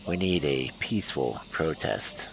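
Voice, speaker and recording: A man reading the lines of a calm, professional male protest leader in a story game. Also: very deep voice, vocal fry, a little hiss or hum, exaggerated voice, rough recording. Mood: stern. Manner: cool, measured.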